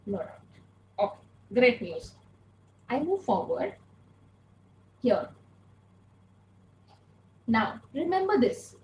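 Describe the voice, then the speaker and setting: A woman's voice: fairly high pitch, very animated, takes it slowly, long pauses, a little mellow, echoey room, low-quality recording. A woman teaching an online grammar lesson, patiently repeating key points and asking rhetorical questions, speaking through an earphone mic. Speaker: English teacher.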